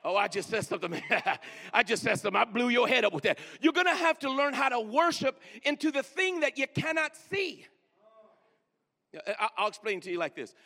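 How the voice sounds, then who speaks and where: A man preaches in a high, bright voice, slowing down to stretch out the words he wants to land. He calls on the congregation to answer him back. His voice rings out through a large hall with a long reverb. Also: big pitch swings, creaky. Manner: preaching with call-and-response and drawn-out emphasis. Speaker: pastor. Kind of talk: sermon. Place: church sanctuary.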